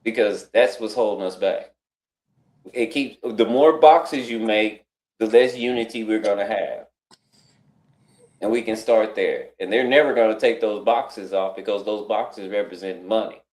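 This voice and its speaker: A man's voice: fairly low pitch, measured pace, a little mellow. A man telling a long story in casual talk, acting out what other people said in changed voices. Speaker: guest on a live talk stream. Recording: roomy echo.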